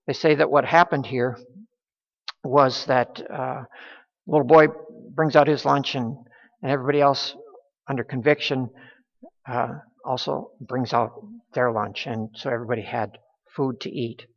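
A man preaching a sermon as pastor, halting, with many restarts and fillers. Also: medium pitch, fairly even intonation. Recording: dull sound with long hall reverb.

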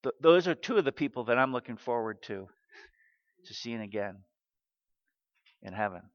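A man in his sixties preaching a sermon, animated and acting out the quotes he tells. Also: medium pitch, normal speed. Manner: animated, acts out quotes in character. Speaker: pastor. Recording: dull recording with long hall reverb.

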